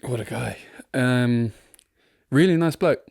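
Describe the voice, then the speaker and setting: A man's voice: mid-range voice, slow pace, creaky, darkish tone, no room sound, clean studio sound. A man from England co-hosting a football podcast, chatting casually and rambling with frequent laughs, recorded in his front room. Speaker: podcast co-host.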